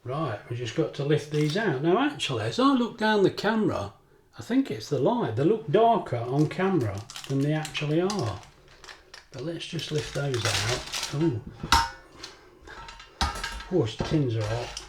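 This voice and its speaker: A man's voice: on the high side, sing-song, unhurried, background noise. An older man, chatting casually in a home kitchen cooking vlog, rambling into laughing anecdotes. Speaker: cooking vlogger.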